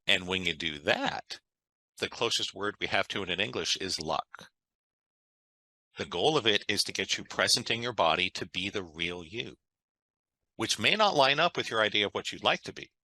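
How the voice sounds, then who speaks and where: A man's voice: lowish voice, expressive, normal speed, bright, forceful tone, no echo, poor audio. A man, a guest on an interview, talking in an enthusiastic, conversational way and often checking in with "right?". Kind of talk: interview storytelling.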